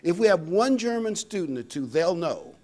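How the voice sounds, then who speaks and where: An older man delivers a sermon in a folksy, conversational style, reading scripture aloud with a lively, rising and falling pitch. He often pauses with fillers while finding the next verse. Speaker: pastor.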